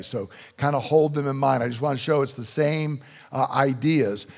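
Higher-voiced man preaching a sermon in a reverberant hall. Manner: conversational, asks the audience questions. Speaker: pastor.

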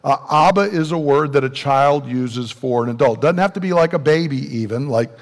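A man from the South, preaching a sermon with earnest questions and slow, emphatic drops in his voice. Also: medium pitch. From American South. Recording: long hall reverb.

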